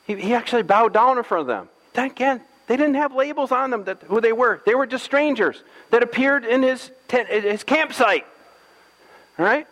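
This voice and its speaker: A man's voice: extremely high pitch, sing-song, brisk, a bit bright, in a large hall, low-quality recording. A man pastor giving a sermon, telling a scripture story playfully with jokes and acted-out lines.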